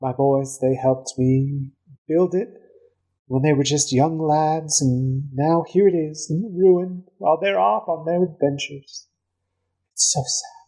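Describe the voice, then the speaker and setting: A man's voice: on the high side, fairly even intonation, a little slow, mellow, voice pushed up, poor audio. A man voicing a sly elf woman who puts on fake, syrupy grief over a ruined barn. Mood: mock grief. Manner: fake sobbing, syrupy sweet.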